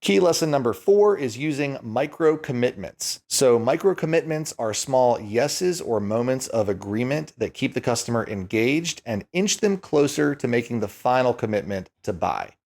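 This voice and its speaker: A man giving a scripted explainer lesson on selling, in a clear, measured teaching voice. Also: mid-range voice, lively intonation, darkish tone. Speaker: YouTube educator.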